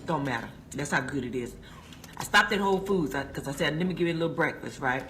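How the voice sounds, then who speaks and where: Filming a casual selfie video review in her car, a food vlogger raves about a sandwich in a preacher-like way while chewing. Her low voice is fast and a bit bright, with a little hiss or hum in the recording.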